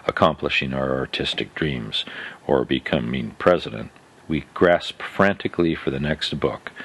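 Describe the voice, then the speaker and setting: A man hosting a podcast, reading a scripted, reflective story in a measured, gently skeptical way. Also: rumbling low. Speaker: podcast host.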